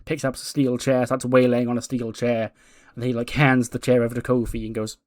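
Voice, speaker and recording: A man's voice: mid-range voice, fairly quick, no room sound, studio quality. Casual man narrating a game run. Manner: casual, excitable, many fillers. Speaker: game commentator. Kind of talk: narrating a wrestling sim playthrough.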